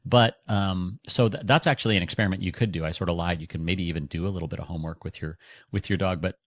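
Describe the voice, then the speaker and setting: A man with a fairly low voice explains dog training in a conversational podcast. He talks loosely and often restarts his sentences. The sound is dry and close. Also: fairly even intonation, fast talker, dry recording. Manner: conversational, frequent restarts and hedges. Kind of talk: instructional podcast talk.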